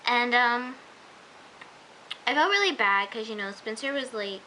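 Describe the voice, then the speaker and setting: A woman's voice: fairly high pitch, expressive, a little slow, sharp tone, poor audio. A young woman reviewing a TV episode in a casual, rambling chat full of fillers. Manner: chatty and rambling, many fillers. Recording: faint hiss.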